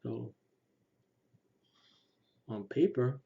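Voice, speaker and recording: A man speaking earnestly to his listeners, pressing his points and sometimes dropping to a hushed near-whisper. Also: mid-range voice, very slow, vocal fry, breathy edge. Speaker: Lukumi practitioner speaking to his channel. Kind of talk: personal commentary to camera. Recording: slightly dull recording with faint background noise.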